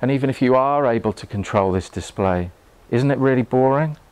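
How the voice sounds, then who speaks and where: A man, giving a live talk to a group in a room, earnest and halting, often restarting his words and laughing. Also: medium pitch, a little mellow, smooth, dry recording. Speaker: meditation teacher. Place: room with an audience.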